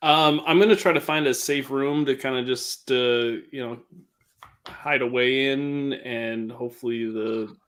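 A man's voice: medium pitch, steady tone, unhurried, fairly bright tone. A man playing a tabletop role-playing game, hesitant and trailing off. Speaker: player.

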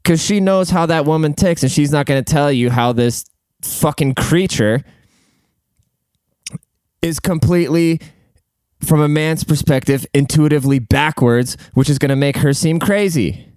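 A man's voice: on the high side, normal speed, darkish tone, clean tone, no room sound, clean studio sound. A man hosting a casual solo podcast from a room at home, rambling bluntly and swearing freely. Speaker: podcast host.

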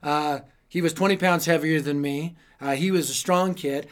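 Man, higher voice, youth preacher, funny self-deprecating storyteller, punchy timing. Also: fairly even intonation, moderate pace. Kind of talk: humorous storytelling sermon.

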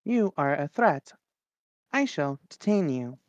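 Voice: mid-range voice, sing-song, takes it slowly, dry recording. A player doing a stiff, formal juggernaut. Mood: stern. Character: imposing armored juggernaut called Alpha.

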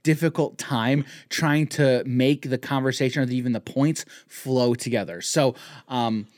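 A man's voice: medium pitch, fairly even intonation, unhurried, darkish tone, dry recording, studio quality. A man co-hosting a casual podcast, talking in loose rambling sentences full of restarts and fillers. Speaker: podcast co-host.

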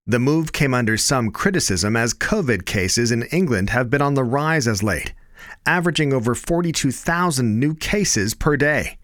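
A Canadian man reading satirical news headlines in a dry, deadpan anchor style. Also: medium pitch, normal speed, dry recording. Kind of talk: deadpan comedy news delivery.

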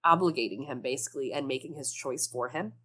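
A woman co-hosting a casual book discussion podcast, animated and sarcastic, swearing freely. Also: very deep voice, fast, husky. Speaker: podcast co-host.

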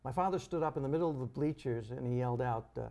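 A man's voice: mid-range voice, racing, vocal fry, mellow. An older man from Long Island, co-hosting a casual chat and telling stories with dry jokes. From Long Island, New York. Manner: dry joking storyteller. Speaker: co-host.

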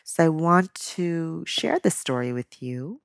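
Low gravelly woman coach, soft and unhurried. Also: animated, no echo, clean studio sound. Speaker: spiritual coach. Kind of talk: spoken talk then storytelling reading.

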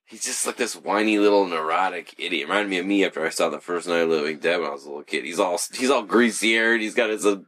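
A man's voice: low-pitched, fast, hardly any pauses, fairly bright tone. A young man in casual, rambling chat, swearing freely and laughing often.

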